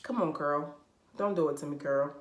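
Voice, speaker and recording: A woman's voice: low-pitched, moderate pace, reverberant. Blunt, laughing woman reviewing TV. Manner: blunt, profane, incredulous and laughing. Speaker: reality TV reviewer. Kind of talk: casual vlog commentary.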